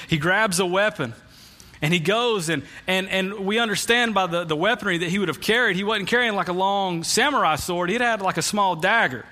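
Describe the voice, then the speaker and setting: Bright high-voiced male preacher. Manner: conversational storytelling, frequent restarts. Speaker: pastor. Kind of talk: sermon. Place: church.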